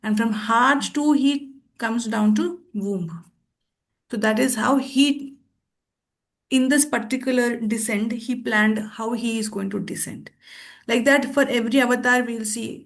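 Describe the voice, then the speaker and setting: A woman teaching a scripture class, telling a story in a thoughtful, pausing way with restarts. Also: on the high side. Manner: thoughtful, with frequent pauses and restarts.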